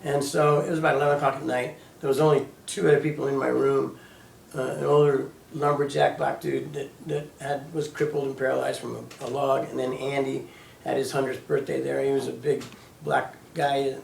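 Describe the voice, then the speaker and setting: A man in his fifties telling his own story as personal testimony, halting and sporadic, with many restarts. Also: medium pitch, flat delivery, vocal fry, a little hiss or hum. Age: 50s. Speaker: storyteller recounting his own near-death experience. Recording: echoey room, voice heard from a distance.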